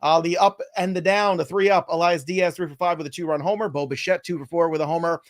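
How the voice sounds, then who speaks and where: A man's voice: fairly high pitch, steady tone, fast talker. Wry man hosting a live stream. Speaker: host. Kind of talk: live fantasy baseball chat.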